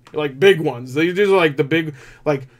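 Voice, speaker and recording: A man reviewing a movie in casual, rambling talk, full of fillers and offhand swearing, with sudden jumps in loudness. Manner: excitable, quick shifts in loudness and pitch.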